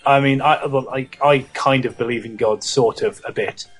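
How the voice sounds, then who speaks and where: A man from Britain co-hosting a let's play, rambling through his stories in an irreverent, joking way. His voice sits at a middle pitch. Faint music plays underneath. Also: steady tone, moderate pace, slightly rough. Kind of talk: casual podcast chat.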